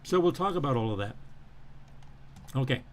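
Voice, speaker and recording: A man's voice: medium pitch, animated, normal speed, a little hiss or hum. Guy professor rambling thru a syllabus on a livestream, lots of uhs and ums, keeps repeating himself, normal mid voice. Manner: rambling with frequent fillers and restarts; repeats phrases for emphasis. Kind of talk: live-streamed lecture walking through a syllabus.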